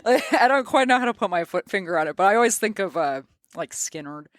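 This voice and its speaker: High-voiced chatty male host, dry sound. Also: expressive, quick pace, fairly bright tone, dry recording. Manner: chatty, laughs often, curious. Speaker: podcast host. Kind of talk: casual interview chat.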